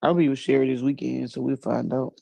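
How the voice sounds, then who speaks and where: A woman chatting casually, telling a funny story and throwing her voice high to quote others. Her tone is warm and dark, and the sound is dry and close with no room around it. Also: fairly quick, gravelly, no echo. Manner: animated storyteller, laughs often, jumps into high voices for quotes. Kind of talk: casual chat.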